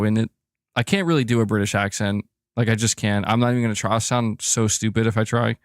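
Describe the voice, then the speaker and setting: A man's voice: fairly low pitch, steady tone, quick pace, dry recording, studio quality. A young man hosting a casual gaming livestream, bantering playfully with his cat and reading viewer chats aloud. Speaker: gaming news streamer.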